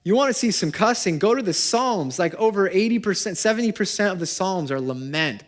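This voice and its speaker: A young adult man preaching a sermon to his congregation in a conversational way, asking them questions and moving between loud and hushed. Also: high-pitched, expressive, fairly quick. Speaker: pastor. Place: church service before a congregation.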